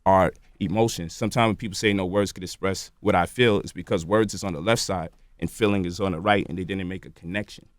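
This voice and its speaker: A man's voice: low voice, steady tone, fast, hardly any pauses, dry recording. A man, a radio show guest, explaining at length in a lecturing way and checking in with "right?" and "you feel me?". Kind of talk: lecturing interview talk. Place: radio studio.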